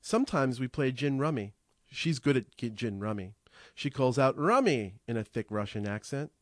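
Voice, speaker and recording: A man narrating a first-person audiobook in a measured, reflective way, slowing on vivid images. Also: mid-range voice, no room sound, studio quality.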